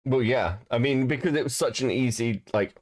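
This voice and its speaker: A man's voice: medium pitch, normal speed, darkish tone. A man co-hosting a casual reaction podcast, laughing often, swearing freely and mocking what he watches. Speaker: podcast co-host.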